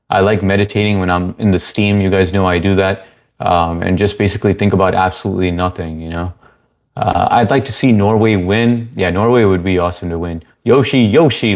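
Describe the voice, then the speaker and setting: A man hosting a casual livestream, reading viewer comments aloud and greeting people by name in an easygoing way. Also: deep voice. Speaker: livestream host.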